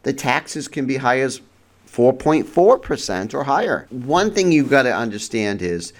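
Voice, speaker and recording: A man hosting a real estate advice show, talking casually with frequent restarts, rhetorical "right?" checks and sudden jumps in pitch for emphasis. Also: expressive, unhurried. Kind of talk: casual explanatory monologue. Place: central New York region.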